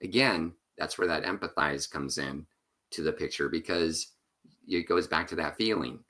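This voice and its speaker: Low, bright-voiced man giving a keynote. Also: moderate pace. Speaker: keynote speaker and author. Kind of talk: conference talk over video.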